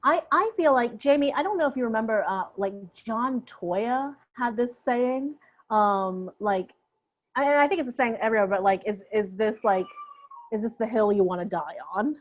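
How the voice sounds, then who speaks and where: A young adult woman guest on an interview, telling a story in a lively, laughing way and acting out the voices of the people in it. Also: a little high, moderate pace. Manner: animated, laughing, acts out quoted voices. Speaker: guest sound designer.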